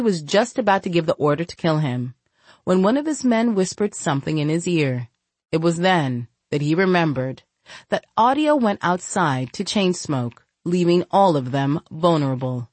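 A woman narrating an audiobook in steady storytelling. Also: fairly low pitch, normal speed, dry recording. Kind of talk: scripted narration.

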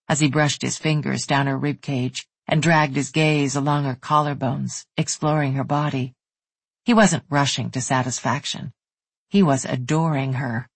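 An audiobook narrator giving a soft, unhurried, intimate reading of a romance novel. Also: mid-range voice, breathy edge, no echo.

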